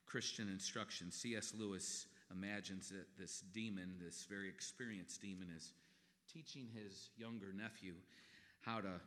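A man's voice: low voice, fairly even intonation, moderate pace, fairly bright tone. A middle-aged man preaching a sermon as a pastor in a folksy, conversational way. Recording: long reverb in a hall.

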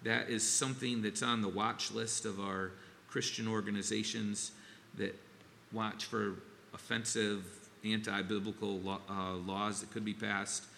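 A middle-aged man preaching a sermon, earnest and halting, with many fillers and restarts. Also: fairly low pitch, little pitch movement, creaky, bright, forceful tone. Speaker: pastor. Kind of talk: sermon with scripture reading. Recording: long reverb, faint ambient noise.

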